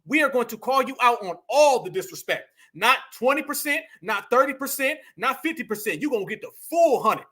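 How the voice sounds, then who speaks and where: This heated commentary monologue comes from a man whose very high voice has a sing-song, slightly bright quality. He talks fairly quickly with hardly a pause, hammers his points, repeats himself, and addresses his listeners as family.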